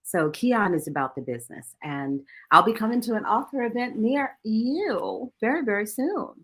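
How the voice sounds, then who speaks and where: A woman author talking in a casual interview, animated and quick to laugh. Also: on the high side, husky. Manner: animated, laughs often, shouts out friends. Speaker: author, guest.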